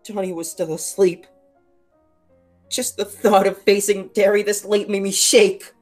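A woman's voice: medium pitch, steady tone, unhurried, faint music behind, natural voice. A woman playing an earnest teenage boy from a gang in an amateur stage play, narrating his story and pleading in the scenes. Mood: reflective. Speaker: student actor.

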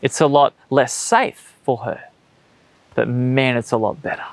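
A man's voice: mid-range voice, unhurried, dry recording. Earnest Australian male pastor, dry sound. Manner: conversational, earnest preaching with storytelling. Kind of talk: sermon. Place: church stage.

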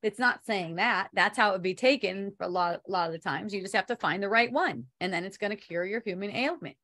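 A woman's voice: medium pitch, brisk, a bit bright. A woman giving an online spiritual talk, rambling loosely, laughing often, swearing casually and reading viewer comments aloud.

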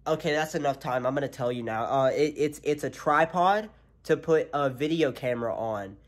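A sick, congested young man in his late teens vlogging at home with a handheld camera, talking extra loud and rambling with many fillers. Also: mid-range voice, moderate pace. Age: young adult. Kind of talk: casual vlog. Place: home, indoors.

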